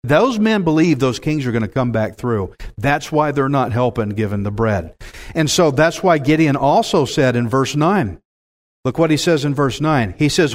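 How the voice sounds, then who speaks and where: A man's voice: medium pitch, expressive, moderate pace. A man preaching a sermon, with dramatic swings and calls to the congregation. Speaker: pastor.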